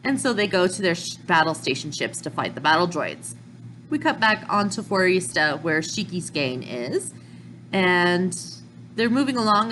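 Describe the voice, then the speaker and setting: A woman casually recapping manga chapters in a chatty, excitable way, with slips and restarts. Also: on the low side, moderate pace, slight background noise, rough recording. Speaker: manga reviewer.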